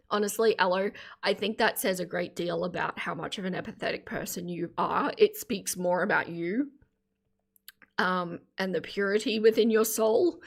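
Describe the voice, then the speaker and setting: A woman's voice: on the low side, creaky. A woman in her thirties hosting a casual reaction livestream, chatty and opinionated, thanking viewers as she talks.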